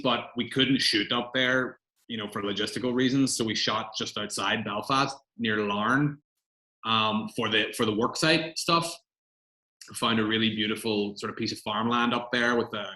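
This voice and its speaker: A man's voice: fairly low pitch, pushed and bright, echoey room, poor audio. A man, a film director answering interview questions in a chatty, rambling way with many fillers.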